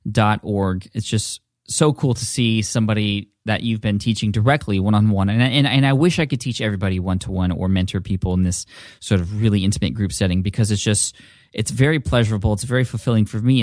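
Male podcast host, lowish voice, eager and chatty, dry booth sound. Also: fairly quick, a little mellow, no room sound. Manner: enthusiastic, many restarts and fillers. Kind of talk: casual podcast talk.

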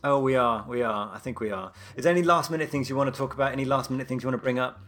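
A man's voice: medium pitch, rapid-fire, fairly bright tone. A man co-hosting a podcast, chatting casually in a joking, rambling way with lots of fillers. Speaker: podcast co-host. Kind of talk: casual chat.

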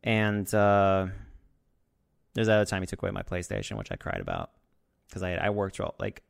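A young man vlogging, telling a personal story in a casual, sarcastic way, swearing often and rising to loud outbursts. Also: sits low, vocal fry, no room sound, studio quality.

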